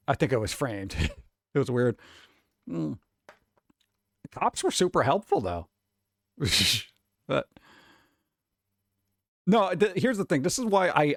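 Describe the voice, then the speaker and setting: A man's voice: a little high, no room sound, studio quality. A man in his forties, a streamer rambling casually and answering chat, swearing and chuckling often.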